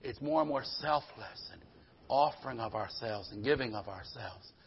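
A man preaching a sermon, emphatic, calling out to the congregation and swinging between loud bursts and quiet low passages. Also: animated, moderate pace, gravelly, dull audio, slight background noise. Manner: emphatic, calls out "Amen?" to the congregation.

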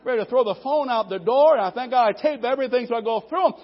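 A man preaching a sermon, moving from quiet teaching to shouted, rhythmic preaching. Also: extremely high pitch, racing, breathy edge, a faint crowd. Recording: dull lo-fi sermon audio.

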